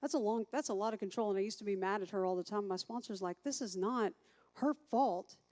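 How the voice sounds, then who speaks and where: A woman's voice: mid-range voice, steady tone, racing, darkish tone. A woman teaching a recovery class as a sponsor, chatty, thinking aloud and asking the group questions.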